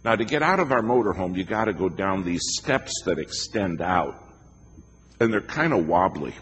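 A man's voice: low voice, animated, moderate pace, fairly bright tone. A middle-aged man preaching a sermon, emphatic and storytelling. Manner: emphatic, storytelling with acted quotes. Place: church sanctuary. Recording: reverberant hall with faint noise.

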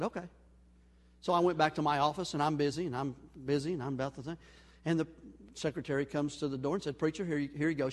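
A male pastor preaching a sermon, telling a story and acting out the dialogue, swinging between loud and quiet. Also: on the high side. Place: church sanctuary. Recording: long hall reverb.

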